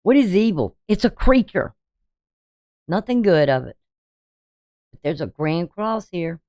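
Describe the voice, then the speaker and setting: A woman's voice: on the low side, sing-song, unhurried, dark tone, dry recording, clean studio sound. A woman astrologer giving a forecast in an emphatic, preachy way, firing off rhetorical questions at her viewers. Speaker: astrologer and tarot reader.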